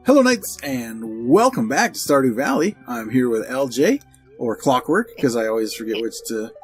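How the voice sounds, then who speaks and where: A man's voice: mid-range voice, big pitch swings, moderate pace, vocal fry, soft background music. A man hosting a gaming channel, chatting casually and cracking crude jokes while playing a farming game. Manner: crude, joking banter. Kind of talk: casual gameplay commentary.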